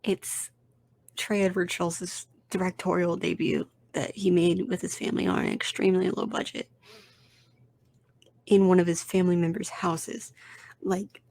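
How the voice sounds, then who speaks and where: A woman's voice: fairly low pitch, level tone, measured pace, darkish tone. A young woman hosting a casual solo podcast, talking bluntly and with lots of swearing as she rambles through her opinions. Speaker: podcast host.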